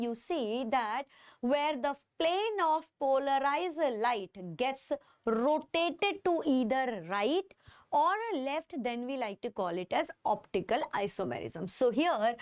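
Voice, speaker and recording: A woman's voice: high-pitched, clean tone, no room sound, studio quality. A woman with an Indian English accent teaching chemistry in a live online class, stretching key terms and checking in with her students again and again. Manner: drawn-out stressed terms, constant check-ins with students.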